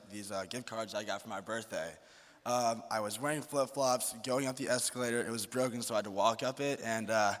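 A young man in his late teens, a high school senior, casually telling a story with lots of "like" and "um.". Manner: relaxed, uses "like" and "um" often. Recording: echoey hall.

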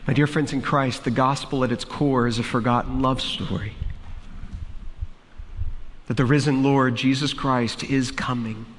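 A male pastor preaching a sermon, telling a story slowly and deliberately for dramatic effect. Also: mid-range voice, fairly even intonation, in a large hall, slight background noise.

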